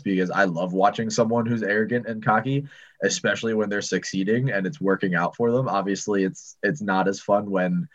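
Low-voiced man on a dull line. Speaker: podcast co-host. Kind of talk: casual chat.

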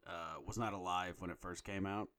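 A man in his thirties co-hosting a podcast, his voice sitting a little low. He tells family stories in a loose, animated, profane way. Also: normal speed. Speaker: podcast co-host. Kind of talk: casual chat.

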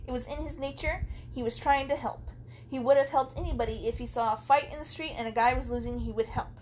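A woman's voice: high voice, fast, a little mellow, a little hiss or hum. Giggly young woman podcast host. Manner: giggly, swearing, jokey storyteller. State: sore throat. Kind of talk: casual chat.

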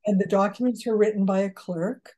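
An older woman, a genealogist, answering interview questions in a relaxed conversational way and chuckling at her own jokes. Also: mid-range voice, fairly quick. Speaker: genealogist guest.

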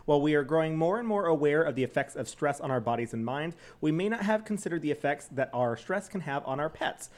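Giggly man with lively pitch. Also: fast, hardly any pauses. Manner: giggly, playful, laughs often. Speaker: podcast co-host. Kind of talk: casual chat with ad read.

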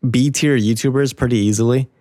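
A man's voice: mid-range voice, fairly even intonation, a little fast, mellow, no room sound, clean studio sound. A man co-hosting a casual podcast chat, laughing often and swearing freely. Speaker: podcast co-host.

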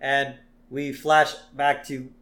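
A man's voice: medium pitch, little pitch movement, slow pace, a bit bright. A man co-hosting a podcast, recapping an episode in casual chat and laughing often. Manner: laughs often, agrees readily. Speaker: podcast co-host.

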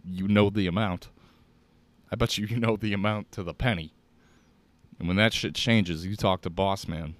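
A young man with a deep voice and a Chicago accent, hosting a solo podcast and rambling casually with lots of swearing. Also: clean tone, no echo. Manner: profane, rambling, jokey. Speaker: podcast host.

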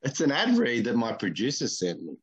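A man's voice: mid-range voice, wildly swooping pitch, fairly quick, a crowd in the background. A man hosting a podcast in casual chat, with a blunt, opinionated and crude way of talking. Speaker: podcast host.

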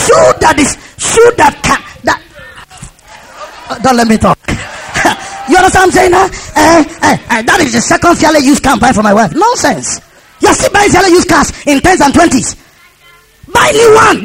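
A man's voice: very high voice, very animated, brisk, creaky, a bit bright. A man preaching a sermon, repeating phrases and leading the congregation in call-and-response. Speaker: pastor.

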